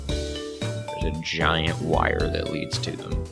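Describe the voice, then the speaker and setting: Very deep-voiced man with morning voice. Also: very animated, drawn-out words, creaky, loud music behind the voice. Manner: rambling, swears casually. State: groggy morning voice. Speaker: streamer. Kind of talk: casual gaming livestream chatter.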